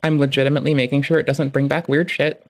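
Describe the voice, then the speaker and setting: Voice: mid-range voice, flat delivery, fast. Blunt, ranting streamer, swearing constantly. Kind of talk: casual profane stream commentary.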